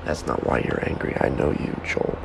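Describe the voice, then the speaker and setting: A man hosting a solo podcast at home, rambling to himself in a self-interrupting monologue, heckling himself as he goes. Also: moderate pace. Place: home room with a fan. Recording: background fan hum.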